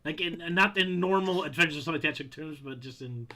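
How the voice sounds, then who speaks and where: A man with a fairly high, bright voice talks casually on a podcast. He sounds puzzled and critical, pointing out plot holes with a laid-back "like" here and there. His tone stays relaxed and conversational. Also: fast. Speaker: podcast co-host. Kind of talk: casual chat.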